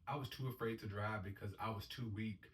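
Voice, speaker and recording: A man with a lowish voice tells his own story, earnest and upbeat, slipping into the voices of the people he quotes. He is caught on a mic set back from him in a roomy, echoey space, with a faint hum underneath. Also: steady tone, brisk, far from the mic. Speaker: dialysis patient sharing his story. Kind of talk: casual personal storytelling.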